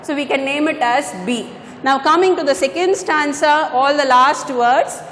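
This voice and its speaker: A high-voiced woman explains a poem like a classroom teacher, going back over points and correcting small slips. The room is echoey, with a long reverb tail and a faint hiss underneath. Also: moderate pace, a bit bright. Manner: patient, repeats points, corrects herself. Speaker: English teacher. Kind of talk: classroom lecture on poetry.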